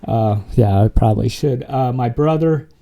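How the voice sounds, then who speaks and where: A man's voice: mid-range voice, normal speed, gravelly, lo-fi sound. A man telling his life story as an interview guest, rambling and laughing often, with many fillers and restarts. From Wyoming and Montana, USA. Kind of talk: casual conversational storytelling.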